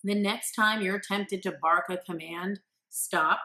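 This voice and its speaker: A woman's voice: mid-range voice, fairly even intonation, slow pace, pushed and bright. A woman parenting coach giving earnest, encouraging advice straight to parents. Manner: acts out the quotes she gives. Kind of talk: direct-to-camera advice talk.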